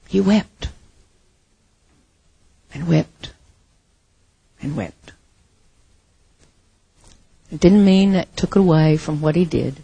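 A woman's voice: lowish voice, creaky, mellow, breathy edge, poor audio. A woman pastor preaching a sermon in an earnest, heartfelt storytelling manner.

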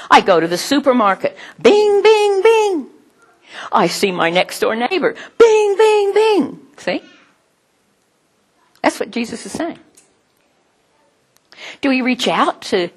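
Husky, animated woman preaching. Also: medium pitch. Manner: animated, chatty, laughs often, mimics sounds. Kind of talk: sermon with personal stories.

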